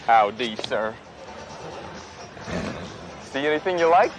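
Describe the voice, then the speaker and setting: A man's voice: medium pitch, expressive, slow pace, noisy background. An actor playing a chummy, folksy car salesman who is eager to please.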